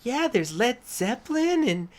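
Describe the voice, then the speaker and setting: Sly, sing-song little girl, a man doing the voice, high and swooping, luring a stranger. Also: big pitch swings, measured pace, exaggerated voice. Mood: coaxing. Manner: sing-song, coaxing falsetto.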